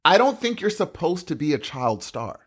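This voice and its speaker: A young man on co-host duty, chatting casually, animated and excitable. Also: a little high, normal speed, slightly rough. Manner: animated, excitable, says "dude" a lot. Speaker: podcast co-host. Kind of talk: casual chat.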